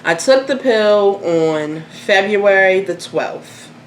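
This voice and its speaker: A young woman telling a personal story in casual chat, candid and animated, swearing freely. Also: mid-range voice, slow pace. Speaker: host. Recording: echoey room, faint noise.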